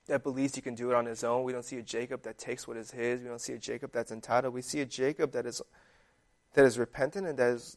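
A young man preaching in a relaxed, conversational way, his talk dotted with "like" and "um." His voice is gravelly with a touch of fry and sits at an ordinary middle pitch. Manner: conversational, full of fillers like "like" and "um". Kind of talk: casual sermon.

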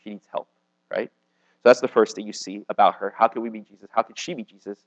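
A man's voice: lowish voice, steady tone, quick pace, low-quality recording. A man, likely a youth pastor, preaching a casual sermon to a young live audience in a conversational way, with lots of "like" and "okay?". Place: meeting room with a live audience.

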